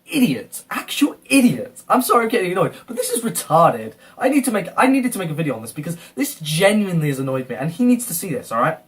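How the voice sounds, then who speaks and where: A man's voice: high-pitched, sing-song, fast talker, hardly any pauses, recorded from a distance. A man ranting through a reaction commentary, exasperated, swearing and repeatedly calling someone an idiot. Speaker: video reactor.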